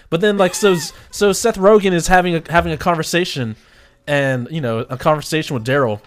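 Chatty, animated man telling stories. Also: fairly high pitch, fairly quick, soft background music. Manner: animated, laughing storyteller, rambling restarts. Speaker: radio show host. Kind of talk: casual chat.

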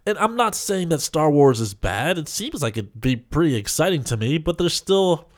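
A man's voice: a little high, big pitch swings, moderate pace, darkish tone. Hyped male podcast host. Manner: hyped, showman-like intros with repetition; laughs often, playful. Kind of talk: casual podcast chat. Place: podcast studio.

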